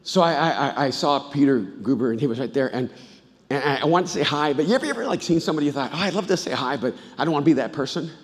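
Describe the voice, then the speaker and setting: A man preaching a sermon as a pastor, telling stories in an animated way that swings from hushed to loud. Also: a little high, rapid-fire. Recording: live church hall reverb.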